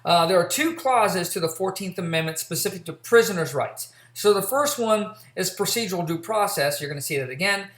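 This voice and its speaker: Male college instructor, middle-aged, loose anecdotal delivery full of ums, slightly high voice, roomy echo. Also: expressive, fairly quick, few pauses, fairly bright tone. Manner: casual, storytelling, frequent fillers and restarts. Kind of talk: recorded lecture with a personal anecdote. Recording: echoey room.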